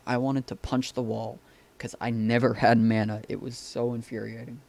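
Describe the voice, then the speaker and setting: A man's voice: mid-range voice, level tone, moderate pace, creaky, darkish tone. A man giving casual, profane commentary over a replay of his own game. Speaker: gameplay commentator.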